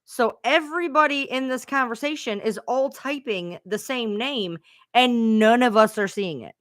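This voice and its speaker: A woman's voice: on the high side, moderate pace, a bit bright, dry recording, studio quality. A woman live streamer casually telling a rambling story to her viewers, chatty and swearing freely.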